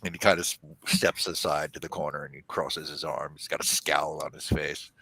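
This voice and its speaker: A man narrating a tabletop role-play game as game master, in an animated storytelling manner. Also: very deep voice, fairly quick, gravelly, husky, no echo.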